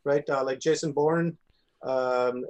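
A man co-hosting a podcast in casual chat, speaking haltingly with many fillers. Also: medium pitch, fairly even intonation, a little mellow. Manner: halting, full of "uh" and "you know". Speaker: podcast co-host.

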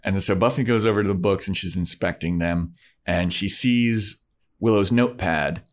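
A man in casual chat, recapping a TV episode and acting out the characters as he retells it. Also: moderate pace. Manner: animated retelling, voicing characters with pitch jumps. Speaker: podcast co-host recapping a TV episode.

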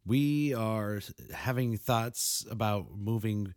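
A man's voice: fairly low pitch, takes it slowly, a little mellow, no room sound, studio quality. A man from New England co-hosting a podcast, telling loose, profane stories and chatting with listeners. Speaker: podcast co-host. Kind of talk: casual podcast chat.

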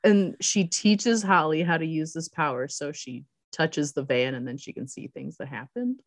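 A woman's voice: deep voice, normal speed, no room sound, clean studio sound. A woman casually recapping a TV episode as a podcast co-host, acting out characters' lines and laughing often. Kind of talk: casual chat.

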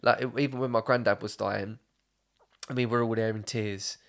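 A man's voice: lowish voice, fairly even intonation, normal speed. A young man, hosting a casual podcast chat, rambling through stories with lots of swearing and laughter. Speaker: podcast host.

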